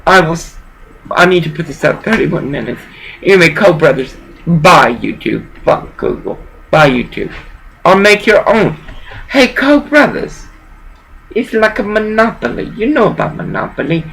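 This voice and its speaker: A woman's voice: lowish voice, big pitch swings, measured pace, gravelly, fairly bright tone, a little hiss or hum, low-quality recording. An older woman delivering a rambling, profane vlog rant, dropping in Spanish words here and there.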